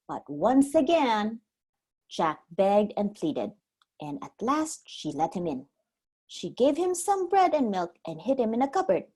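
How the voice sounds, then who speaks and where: Slow, expressive preschool storyteller woman. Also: on the high side, husky. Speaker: preschool teacher. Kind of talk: storybook read-aloud.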